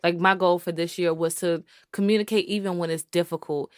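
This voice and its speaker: A woman's voice: on the low side, fairly even intonation, a little fast, no echo, clean studio sound. A woman co-hosting a couples podcast, speaking earnestly and animatedly, with frequent "like" and "you know". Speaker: podcast co-host. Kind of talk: casual chat.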